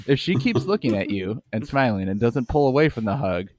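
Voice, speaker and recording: A man's voice: mid-range voice, lively intonation, normal speed, darkish tone, husky. A man co-hosting a comedy snack podcast, reading articles aloud and laughing often. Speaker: podcast co-host. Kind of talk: casual comedic chat.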